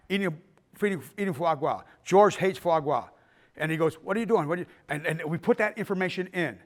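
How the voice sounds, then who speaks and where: A middle-aged man giving a filmmaking workshop talk, telling stories with acted-out quotes and the odd swear. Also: a little high. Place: arts center auditorium.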